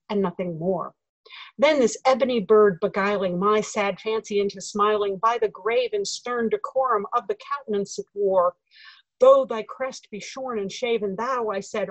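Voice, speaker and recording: Woman, breathy, dry close sound; theatrical verse reciter, hushed to loud. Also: mid-range voice, no echo, low-quality recording. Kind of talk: dramatic poetry recitation.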